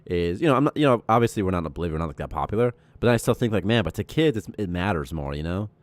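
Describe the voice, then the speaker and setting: A man in his late twenties, a game programmer chatting casually on a development stream and telling stories in a profane, animated way. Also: deep voice, very fast, no echo. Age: 20s. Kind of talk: casual dev stream chat.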